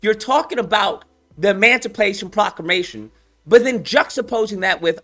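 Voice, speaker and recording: A man's voice: high-pitched, lively intonation, moderate pace, fairly bright tone. A man hosting a heated live debate, combative and condescending, pressing and mocking his caller. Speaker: host.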